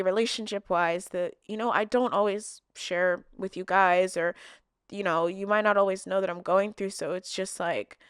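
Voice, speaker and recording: A woman's voice: medium pitch, clean tone, dry recording, clean studio sound. A young woman chatting casually to camera, answering viewer questions in an open, emotional way with lots of filler words. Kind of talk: casual heartfelt chat to camera.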